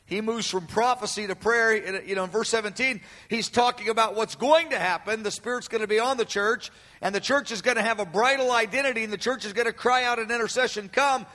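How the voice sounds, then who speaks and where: A man preaching a sermon to a room, emphatic, repeating his phrases and stretching quoted cries out loud and slow. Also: sits high. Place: room with an audience. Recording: long hall reverb.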